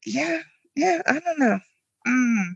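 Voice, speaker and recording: A woman co-hosting a casual chat show, talking in an animated, profane way and laughing often. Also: high voice, slow pace, creaky, no echo, muffled recording. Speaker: podcast co-host.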